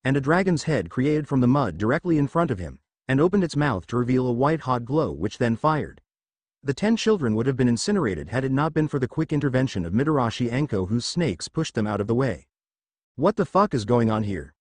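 A man reading a fan fiction story aloud as narrator, in an expressive way. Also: medium pitch, brisk, dry recording.

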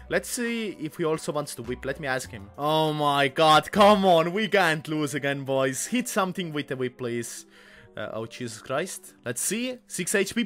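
A man giving excitable live gameplay commentary, swearing often and calling his viewers boys. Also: on the high side. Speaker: gaming youtuber.

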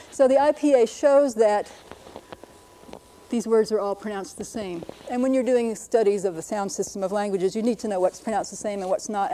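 A woman linguist presenting a televised lesson, explaining briskly and sounding out words to demonstrate them. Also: medium pitch, mellow, slight background noise, rough recording. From United States.

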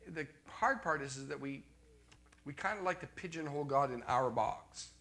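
A man from Canada preaching to a congregation in a bright, forceful voice. He talks conversationally, repeats key lines and keeps asking the crowd whether they follow. His voice sits a touch higher than most men's. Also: normal speed. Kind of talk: sermon.

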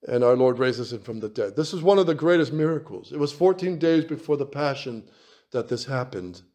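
A man preaching a sermon as a priest, slow and emphatic, repeating phrases for weight. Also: mid-range voice, expressive, mellow.

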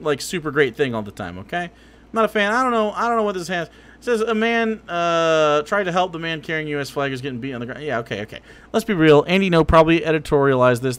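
A man's voice: fairly high pitch, fairly bright tone. A man streaming reaction commentary on political clips, sarcastic and profane, growing heated.

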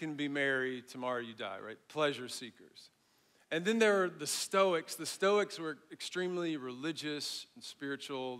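A bright, fairly high-voiced middle-aged man preaches to his congregation. He swells in emphasis, then falls soft at the ends of phrases, with easy conversational asides between points. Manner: animated preaching, rising in emphasis and dropping to a hush at phrase ends. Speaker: pastor. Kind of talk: sermon.

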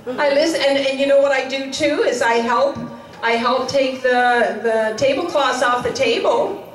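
Woman putting on a smug churchgoer, boastful and defensive, pitched high, distant in a roomy space. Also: a little slow. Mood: self-satisfied. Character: smug self-satisfied churchgoer. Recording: roomy, distant, faint noise.

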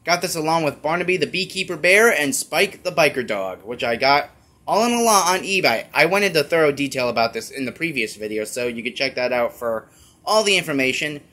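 Chatty male YouTuber, rambling casual toy review, slightly high voice. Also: animated, a little fast, bright, forceful tone.

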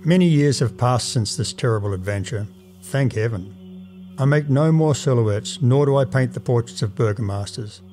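A man reading a classic tale aloud in a measured, dramatic first-person narration. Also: mid-range voice, dark tone, faint music behind. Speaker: audiobook narrator.

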